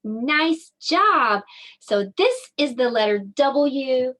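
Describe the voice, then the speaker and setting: A middle-aged woman teaching a circle time lesson to young children in a slow, sing-song, animated voice. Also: sits high. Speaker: preschool teacher.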